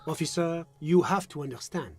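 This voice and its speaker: A man voicing a polished, evasive male diplomat in a video game, speaking politely and smoothly while dodging questions. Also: a little high, normal speed, close to an everyday voice. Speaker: foreign diplomat questioned by a detective.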